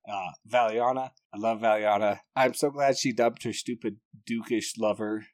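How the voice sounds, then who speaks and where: A man's voice: lowish voice, steady tone, normal speed, dry recording, clean studio sound. A man giving a casual, enthusiastic book review, rambling and often restarting his sentences.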